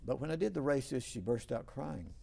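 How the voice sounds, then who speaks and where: A man's voice: mid-range voice, animated, a little fast, vocal fry, warm tone. An older man hosting a TV talk show, telling long rambling stories with many restarts. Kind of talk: casual storytelling interview.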